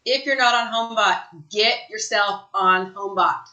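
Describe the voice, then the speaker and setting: A woman giving an energetic sales training talk, emphatic and fond of asking "right?" after her points. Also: medium pitch, a little slow, roomy sound, muffled recording. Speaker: real estate sales trainer. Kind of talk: live online training talk.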